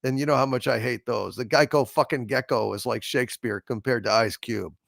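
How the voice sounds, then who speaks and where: A man's voice: mid-range voice, brisk, vocal fry, fairly bright tone, no echo, studio quality. A man hosting a casual livestream, reading out viewer super chats and reacting in a blunt, profane, joking way. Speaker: host.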